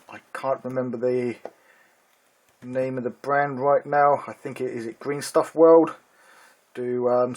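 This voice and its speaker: A man hosting his own miniatures hobby channel, casually reviewing a magazine issue in a relaxed, chatty way with frequent ums and uhs, now and then reading short passages aloud in a flatter tone. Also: medium pitch.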